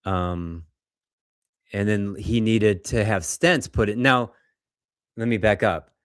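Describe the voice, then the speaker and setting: Low-voiced man, animated case talk. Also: takes it slowly, clear, resonant tone, dry recording, clean studio sound. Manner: conversational, animated storytelling, acts out patients' words. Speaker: doctor presenting lab cases. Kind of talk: lecture with case stories.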